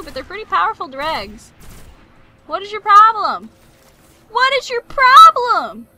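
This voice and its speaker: A woman streaming a video game with high, very bright, bubbly commentary. She is playful and excitable, teasing enemies and tossing in goofy sound effects. A faint hum of noise sits under her voice. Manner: makes silly sound effects. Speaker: gaming channel host. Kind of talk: let's play commentary.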